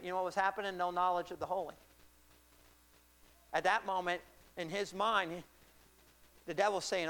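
A man preaching with a high, bright voice and a gravelly edge. He is animated and acts out Bible scenes, swinging from loud, excited stretches to hushed, quiet ones. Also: moderate pace, pauses often. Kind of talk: sermon.

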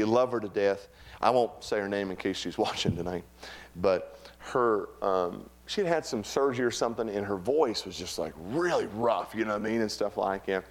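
Animated preacher man. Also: lowish voice. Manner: animated preaching with humor and acted quotes. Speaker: pastor. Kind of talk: sermon.

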